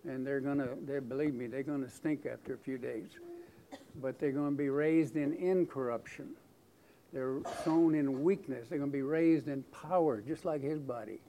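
A man's voice: medium pitch, normal speed, dark tone, slight background noise. A man preaching a sermon in a conversational, folksy way, with frequent fillers and restarts.

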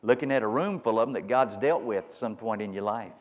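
Speaking a little fast in a lowish voice, a man preaches to his congregation as their pastor, piling up rhetorical questions that climb to emphatic peaks. The sermon takes place in a church sanctuary, with the long reverb of a big hall.

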